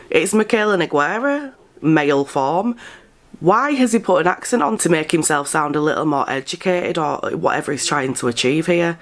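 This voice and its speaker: A woman's voice: sits low, expressive, moderate pace. A woman giving blunt, incredulous gossip commentary and swearing freely. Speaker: commentary vlogger.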